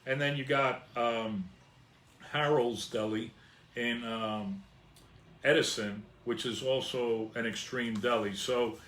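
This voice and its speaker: A man's voice: mid-range voice, fairly even intonation, takes it slowly, fairly bright tone. A man in his sixties from New Jersey, telling his own story in a casual, reminiscing way with many fillers. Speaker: channel host. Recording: roomy with faint background noise.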